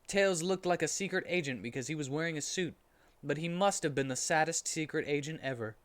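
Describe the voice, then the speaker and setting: A man who streams, giving a deadpan, comedic dramatic reading of a story in a storybook narrating voice. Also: a little high, a little fast.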